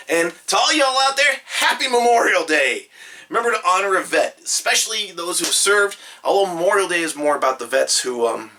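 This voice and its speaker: A man giving a video game review in an animated, exclamatory and emphatic way. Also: on the high side, distant mic.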